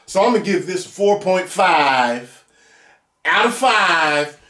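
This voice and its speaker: Male show reviewer, casual and animated, with a swooping pitch that rises and falls a lot; recorded in a roomy space. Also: slow pace. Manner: animated, laughs often, bursts into whoops. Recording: echoey room.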